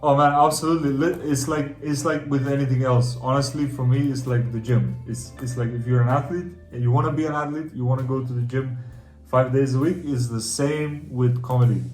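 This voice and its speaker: A man's voice: mid-range voice, fairly even intonation, fairly quick, darkish tone. Balkan man with a slight Russian accent. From Balkans, Eastern Europe. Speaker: stand-up comedian, podcast guest. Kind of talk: casual podcast chat. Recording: roomy room with faint music.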